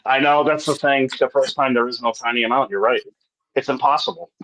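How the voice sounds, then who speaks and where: A man's voice: medium pitch, fairly even intonation, fairly quick, a bit bright, low-quality recording. Joking, crude-talking male host. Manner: joking, crude banter, laughs often. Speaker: livestream host. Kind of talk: casual group chat.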